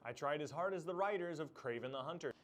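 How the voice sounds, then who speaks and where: A man putting on a quick-quipping jokester. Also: fairly high pitch, lively intonation, lightly acted. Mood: joking.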